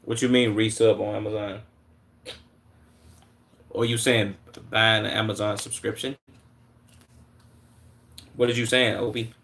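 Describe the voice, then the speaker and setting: A man's voice: lowish voice, little pitch movement, unhurried, pauses often, fairly bright tone. A man in his twenties from Chicago, reacting casually on a live stream in a slangy way, often incredulous and stuttering over his words. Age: 20s.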